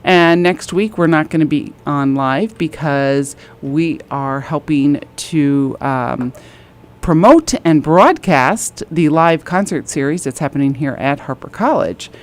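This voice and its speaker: A woman co-hosting a radio show in casual chat, animated and quick to laugh. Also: low-pitched. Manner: animated, chatty, laughs often. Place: college radio studio.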